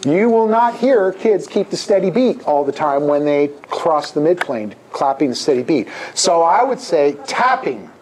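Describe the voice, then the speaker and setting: A middle-aged man teaching a hands-on music workshop, his voice sitting a little higher than most men's. He talks in an animated way and breaks into sung chants to demonstrate. A faint hiss of noise hangs under his voice in the room. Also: moderate pace, few pauses. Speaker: music education professor leading a workshop. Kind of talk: interactive workshop talk with singing.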